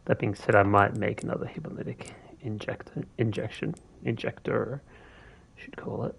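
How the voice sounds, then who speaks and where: A man giving relaxed live gameplay commentary as a streamer, thinking aloud with fillers as he plays. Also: lowish voice, moderate pace, creaky, breathy edge.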